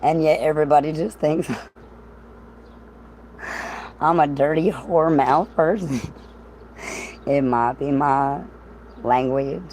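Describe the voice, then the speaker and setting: Low-voiced, rambling, profane woman streaming. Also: takes it slowly, long pauses, darkish tone, slight background noise, rough recording. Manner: rambling, profane, laughs often. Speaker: livestreamer. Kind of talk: casual livestream chat.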